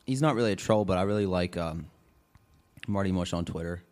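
A young man with a very deep voice chats bluntly on a podcast. He is easygoing and swears freely. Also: fairly quick, darkish tone. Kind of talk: casual chat.

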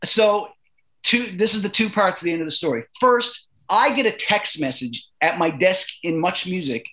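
Guest: middle-aged Canadian man, high bright voice, animated profane storyteller who does the voices. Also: moderate pace. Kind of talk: storytelling in casual interview.

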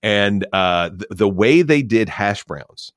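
A Canadian man with a low voice talks through a podcast story at an easy, rambling pace. He swears casually and leans on fillers. The sound is close and dry, with no room around it. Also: animated, slow pace, dry recording. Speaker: podcast co-host. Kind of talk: casual chat.

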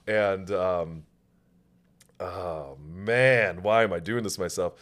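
A man's voice: sits low, takes it slowly, fairly bright tone. A man hosting a podcast, telling stories in a casual, profane, self-mocking way. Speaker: podcast host. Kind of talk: casual storytelling chat.

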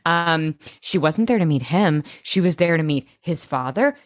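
A woman co-hosting a podcast, casually recapping a TV episode with gushing, animated reactions and free swearing. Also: sits low, a little slow, no echo, studio quality. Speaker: podcast co-host.

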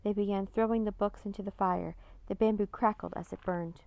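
A woman reading a children's chapter book aloud in a steady, measured way. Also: mid-range voice, vocal fry, no echo, narrow, tinny audio. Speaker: narrator. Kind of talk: storybook read-aloud.

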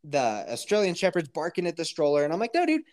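A man spins a comic tale with a lively, swooping voice that rises and drops all through the telling. His talk is casual and full of swearing, and he breaks into quick impressions of how others reacted. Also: sits high. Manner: animated, profane, acts out others' reactions.

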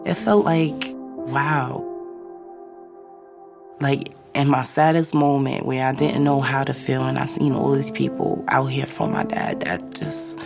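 Gravelly-voiced woman recounting, music beneath. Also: very deep voice, unhurried. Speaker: interviewee. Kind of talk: personal testimony interview. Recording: music underneath.

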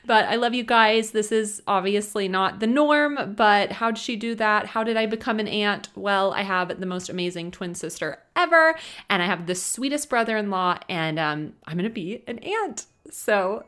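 A woman's voice: mid-range voice, expressive, normal speed, fairly bright tone. A young woman hosting her own podcast, chatting casually and gushing with emotion, close to tears. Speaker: podcast host. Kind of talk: casual solo podcast chat.

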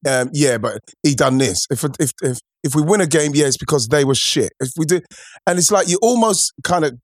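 A man hosting a casual football podcast, rambling and halting with many restarts. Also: on the high side, animated, dry recording, studio quality. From England. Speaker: podcast host.

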